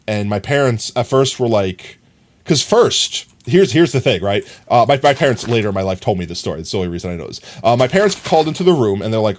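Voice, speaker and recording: A man's voice: lowish voice, slight background noise. A man streaming live, chatting casually with viewers and telling stories in a loose, rambling way, full of fillers. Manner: reads and answers chat comments.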